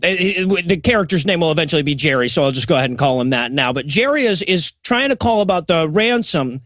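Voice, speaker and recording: A high-pitched man riffs sarcastically on a bad movie, summing up scenes with deadpan jokes. He sounds dry and close to the mic, with no room around him. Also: quick pace, dry recording. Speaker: podcast co-host. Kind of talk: casual comedic movie riffing.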